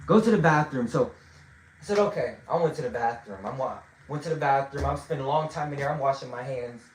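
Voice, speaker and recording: A man telling a long story in a casual way, swinging between loud bursts and low mutters. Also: fast, a little hiss or hum. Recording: roomy echo.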